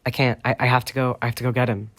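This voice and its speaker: A man's voice: mid-range voice, flat delivery, rapid-fire, a bit bright, close to an everyday voice. A man voicing a panicked, sobbing young wizard. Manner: pleading, near sobbing.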